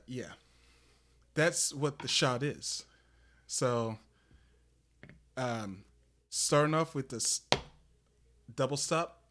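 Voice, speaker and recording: Over a live stream, a man with a medium-pitched, slightly bright voice gives a casual drum lesson. He explains step by step with lots of fillers and restarts. His desk microphone peaks on loud drum hits, and a little hiss or hum is audible.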